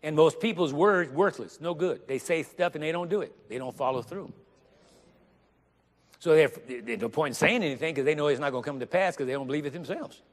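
A man preaching a sermon with emphasis, getting louder and slowing down on the words he stresses. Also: on the high side. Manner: emphatic, rising to loud stressed phrases, slows down on scripture. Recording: long reverb of a large hall.

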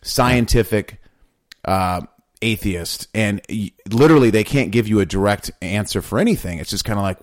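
A man co-hosting a casual talk about faith, talking in animated, rambling bursts with many restarts. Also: lowish voice, normal speed, no echo, clean studio sound. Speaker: podcast co-host.

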